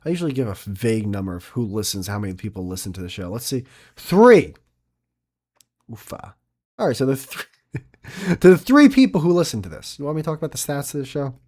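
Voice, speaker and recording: A man's voice: medium pitch, very animated, brisk, long pauses, darkish tone. New guy rambling on his solo podcast, swears a lot, voice jumps all over. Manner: rambling, profane, self-mocking. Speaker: podcast host.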